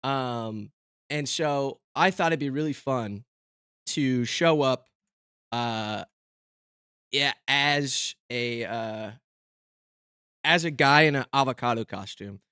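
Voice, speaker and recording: A man's voice: mid-range voice, takes it slowly, long pauses, pushed and bright, clear, resonant tone, no room sound. Young male streamer, self-mocking rambler, close and dry sound. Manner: rambling, lots of fillers and restarts. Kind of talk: casual stream chat.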